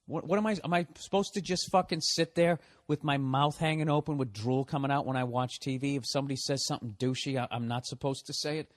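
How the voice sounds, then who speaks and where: A man's voice: mid-range voice, fast talker, few pauses. A man hosting a podcast, delivering a profane, exasperated comedic rant. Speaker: podcast host. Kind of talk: ranting comedic monologue.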